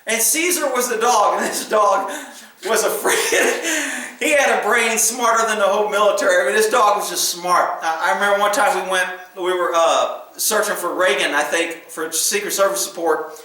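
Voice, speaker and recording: Animated high-voiced man in an echoey room. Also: moderate pace. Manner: animated, laughing, profane, shouts out quoted lines. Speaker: podcast host telling stories. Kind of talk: casual storytelling. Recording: very echoey room, mic at a distance.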